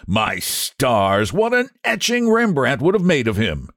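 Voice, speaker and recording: A man voicing a flamboyant male painter who speaks in loud, exclamatory bursts. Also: mid-range voice, huge pitch swings, a little slow, dry recording, studio quality, voice pushed up. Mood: exuberant. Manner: exclamatory, grandly teasing.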